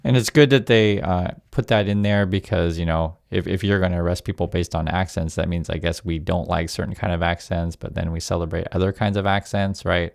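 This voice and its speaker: Low gravelly man commenting on news. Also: steady tone, fairly quick, few pauses, dry recording. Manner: conversational, frequent fillers, addresses viewers directly.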